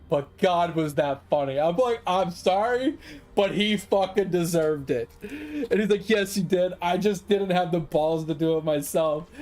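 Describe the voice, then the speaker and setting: A man's voice: fairly high pitch, rough recording. A man telling a long story casually while streaming a game, swearing freely and acting out the people he quotes. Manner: profane, animated storyteller who acts out quoted voices.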